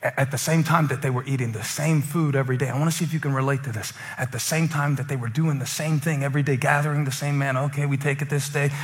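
A middle-aged man preaching a sermon in an animated way, acting out voices and swinging from loud outbursts to hushed lines. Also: on the high side, big-room sound. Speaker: pastor.

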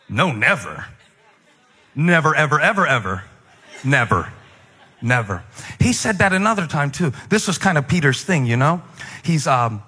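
A man preaching a sermon to a gathered congregation, animated, slipping into mocking, self-assured voices and rising to near shouts. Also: a little high. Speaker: pastor. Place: large hall with an audience. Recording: echoey hall, faint room ambience.

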